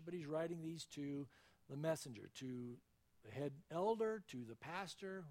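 A man preaching through a passage verse by verse, his voice sitting a little high. He speaks fervently and emphatically, swinging from quiet explanation into loud, ringing peaks. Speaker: pastor. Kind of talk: verse-by-verse sermon.

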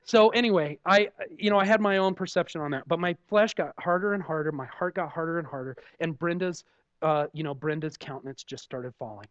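A man's voice: fairly high pitch, a little fast, no room sound. Candid male preacher, dull dry recording. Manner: candid, self-deprecating storytelling with frequent "you know". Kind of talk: conversational sermon.

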